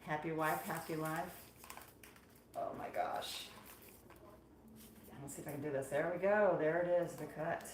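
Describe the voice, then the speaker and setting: A woman hosting a casual live stream while making marshmallows, chatty and playful and quick to laugh. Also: low-pitched, fairly even intonation, a little hiss or hum. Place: small home studio kitchen. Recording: echoey room.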